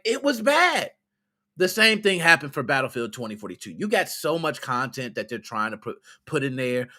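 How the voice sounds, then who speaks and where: The host of a gaming podcast, a man with a high, sharp voice, launches into a heated, exasperated rant. He chews out his listeners using casual slang and lots of swearing.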